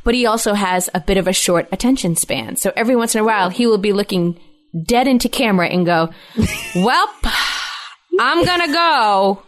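Woman chatting, laughs a lot, acts out quotes, totally normal pitch. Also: quick pace. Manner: animated storyteller, laughs often, acts out quotes. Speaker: podcast co-host, mother. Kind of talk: casual chat.

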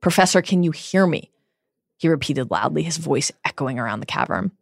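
A woman co-hosting a book discussion podcast, giving measured, reflective analysis that builds lists for emphasis. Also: deep voice, lively intonation, vocal fry, dry recording, studio quality. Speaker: podcast co-host.

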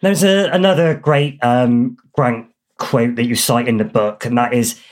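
A male host with a Bristolian accent asking a guest questions in a measured, inquisitive way. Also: medium pitch. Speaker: host interviewer. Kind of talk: podcast interview questions.

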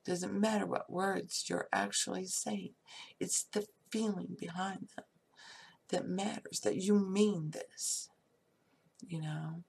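A woman's voice: on the low side, fairly even intonation, takes it slowly, vocal fry, a little mellow, husky. A woman giving a casual, upbeat talk on prayer and feeling, often laughing and dropping into whispers. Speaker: spiritual speaker.

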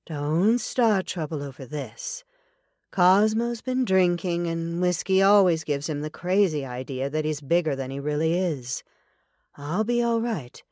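A woman's voice: lowish voice, animated, measured pace, darkish tone, no room sound, studio quality. A woman reading an audiobook, voicing a composed frontier woman on a wagon, polite, earnest and self-possessed. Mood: urgent. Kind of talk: audiobook character voice.

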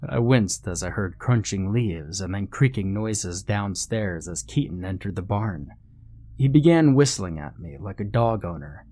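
A man narrating a horror story in a measured, suspenseful way. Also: on the low side, lively intonation, dark tone.

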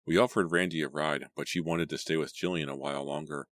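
A man with an extremely deep voice narrates a teen horror novel in a steady, measured read. The sound is dry and close, with no room around it. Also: no room sound. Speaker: audiobook reader.

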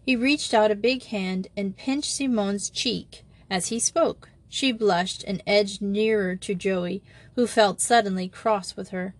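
Female audiobook narrator, even mid-range voice, gentle storytelling delivery. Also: mid-range voice, a little slow. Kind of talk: scripted narration of a children's novel.

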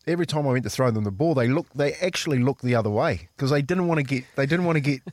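This New Zealander, once a rugby league player, spins casual stories on air, chatting, laughing and dropping "mate" often. He talks at a quick pace with lively intonation in a medium-pitched voice, captured in a dry recording.

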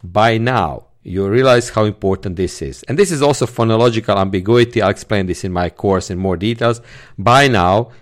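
A man's voice: lowish voice, normal speed. A man hosting a solo podcast, teaching sales techniques and stressing key words in his examples. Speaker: podcast host, sales trainer.

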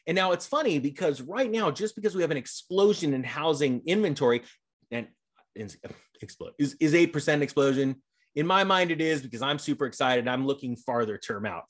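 A middle-aged real estate YouTuber with a medium-pitched voice hosts a casual commentary vlog. He is energetic and sarcastic, rambling as he reads and reacts.

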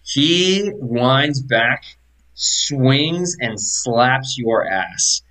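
A man's voice: medium pitch, very slow, rough recording. Laid-back man running a tabletop game. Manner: relaxed, loose, descriptive. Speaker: game master.

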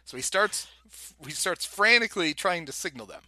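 A man casually retelling a comedy film scene and acting out its lines in an animated way. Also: high voice, moderate pace, no room sound.

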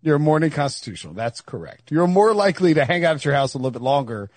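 A man hosting a casual sports podcast, his voice high-pitched and a touch husky. He talks in animated, exasperated bursts, stumbling and restarting as he riffs. The recording is dry and close, with no room sound. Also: quick pace, dry recording. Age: adult, married. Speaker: podcast host.

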